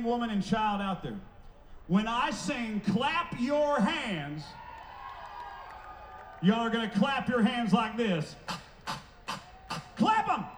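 A man fronting a band on an outdoor festival stage, talking to the crowd between songs like a showman, loud and playful. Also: sits high, a little hiss or hum. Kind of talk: stage banter at a live concert. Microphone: stage microphone through a PA. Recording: echoey live festival PA sound.

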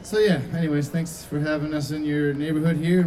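High-voiced man bantering on a concert stage. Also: brisk, over music, poor audio. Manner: easygoing, chatty, self-deprecating. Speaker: band frontman. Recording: live concert with band and crowd.

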